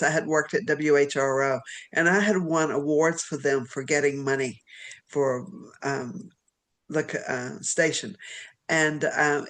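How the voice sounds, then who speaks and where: A woman from Virginia, a literary agent, telling stories as a podcast guest in an animated, rambling way. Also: low-pitched. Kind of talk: storytelling in an interview.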